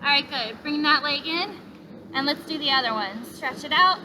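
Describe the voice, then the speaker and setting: A young woman leads a guided yoga class in a park, her bright, high voice moving at a moderate pace as she calmly cues every breath and stretch and steadily encourages her students. Traffic and outdoor sounds come through clearly in the background.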